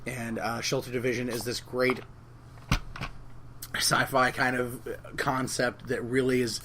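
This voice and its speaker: A man's voice: medium pitch, level tone, a little slow, noisy background. A man co-hosting a podcast in casual chat, enthusiastic as he promotes comics, swearing now and then. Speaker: podcast co-host.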